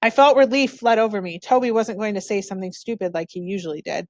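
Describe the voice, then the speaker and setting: Expressive woman reading a children's book. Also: medium pitch, fast talker, dry recording, lo-fi sound. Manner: expressive first-person narration. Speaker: storybook reader. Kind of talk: reading a children's novel aloud.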